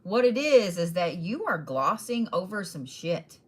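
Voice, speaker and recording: A woman's voice: on the low side, very animated, unhurried, slightly rough. A woman giving casual, blunt zodiac readings straight to each sign, swearing freely and laughing often. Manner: direct address to each sign. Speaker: tarot and astrology reader.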